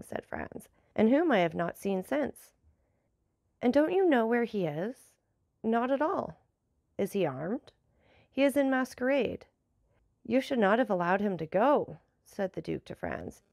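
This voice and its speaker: A woman narrating a classic novel aloud, measured and lightly voicing the dialogue. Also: mid-range voice, vocal fry, a little mellow, no echo, clean studio sound. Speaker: audiobook narrator.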